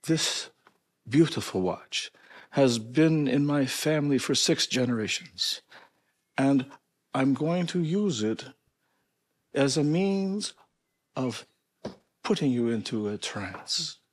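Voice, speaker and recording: A man's voice: mid-range voice, expressive, takes it slowly, long pauses, pitched above the performer's own voice. A man putting on a Polish-accented stage hypnotist. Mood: hypnotic. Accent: Polish, put on. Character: showy male stage hypnotist in tails.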